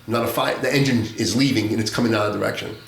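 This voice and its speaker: A man's voice: lowish voice, fairly even intonation, rapid-fire, echoey room, a little hiss or hum. A man telling a long undercover story in casual podcast talk, acting out the voices of the people in it, laughing often and swearing. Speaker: podcast guest, former narcotics agent.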